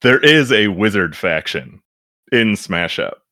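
Deep-voiced man, animated podcast chat. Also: takes it slowly, no room sound. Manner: animated, laughs while reading, restarts often. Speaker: podcast guest reading reviews.

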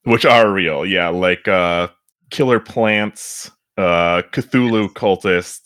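Deep-voiced dude on a podcast, lively, keeps laughing and restarting, dry close sound. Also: male voice, slow pace, clean tone, dry recording. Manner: animated, laughs while reading, restarts often. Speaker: podcast guest reading reviews. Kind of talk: casual podcast chat.

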